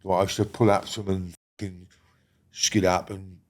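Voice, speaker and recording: Man, deep-ish voice, blunt, rambling, swears a lot, casual interview chat. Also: flat delivery, normal speed. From Britain. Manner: blunt, rambling, heavy swearing, checks in with the listener. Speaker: guest recounting a criminal past. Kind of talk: casual storytelling conversation.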